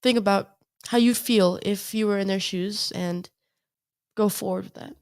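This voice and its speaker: A young woman speaks as a guest in a casual conversation. She works through her ideas with hesitant ums and careful pauses, in a mid-range voice. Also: mid-range voice, fairly even intonation, a little mellow.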